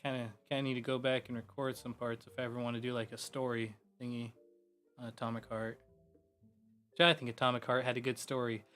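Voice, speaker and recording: A man streaming a game, chatting casually and loosely, swearing and filling every pause with "like" and "you know". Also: mid-range voice, little pitch movement, fairly bright tone, faint music behind. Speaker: gaming streamer. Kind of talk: casual rambling chat.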